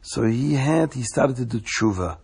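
A man telling a story, slowing down for suspense. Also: mid-range voice, expressive, creaky, darkish tone, husky. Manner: slows down for suspense.

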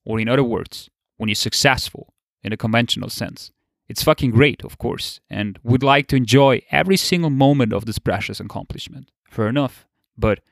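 A man's voice: medium pitch, vocal fry, no echo, clean studio sound. A young man giving a casual motivational monologue, laid-back, swearing casually and laughing often. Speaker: motivational podcaster.

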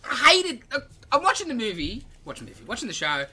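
Animated, bright-voiced woman ranting. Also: fairly high pitch, quick pace, slightly rough. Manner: animated, swears freely while ranting. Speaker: podcast co-host. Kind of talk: casual chat.

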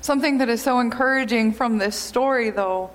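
A woman pastor giving an earnest, measured sermon in a church. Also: a little high. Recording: long hall reverb.

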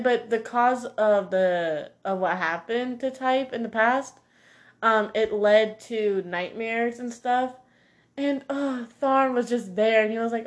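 Young woman vlogger, animated, gossipy, sassy, slightly high voice. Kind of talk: casual chat reviewing a series.

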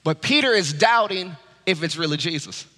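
Male pastor, high and sharp-edged tone, dynamic sermon delivery in a reverberant hall. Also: expressive, moderate pace. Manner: preaching with wide swings from loud high urging to low hush.

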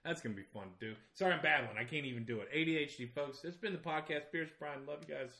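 A man's voice: on the high side, fast, bright, forceful tone, echoey room. A man with a Southern accent hosting a podcast, chatting casually in a rambling, joking, profane way. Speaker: podcast host.

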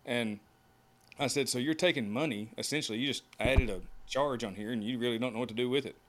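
A man's voice: medium pitch, quick pace, a bit bright. A man who works as a horseshoer, telling casual stories as a podcast guest and acting out the lines of others. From United States. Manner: folksy, acts out quotes. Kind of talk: casual storytelling.

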